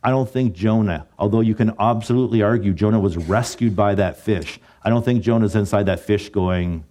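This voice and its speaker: Male pastor, warm low voice, conversational sermon with dry humor. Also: a little fast, hardly any pauses. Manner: joking, conversational preaching with dry asides.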